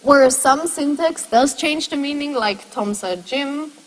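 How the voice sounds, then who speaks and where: A woman's voice: high-pitched, measured pace, big-room sound, low-quality recording. A woman lecturing a university class, explaining step by step and putting questions to her students.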